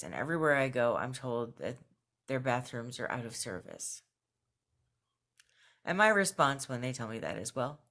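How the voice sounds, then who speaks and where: A young woman chatting casually in a home video journal, laughing between phrases and getting animated when she quotes herself. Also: extremely low pitch. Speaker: vlogger. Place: at home with her cat nearby.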